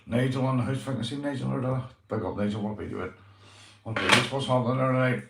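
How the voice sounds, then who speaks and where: A man's voice: mid-range voice, racing, gravelly, roomy sound, heavy background noise. A young man with a Northern Irish accent, hosting a casual livestream, greeting viewers and swearing freely, calling everyone mate. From Northern Ireland. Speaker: livestream host.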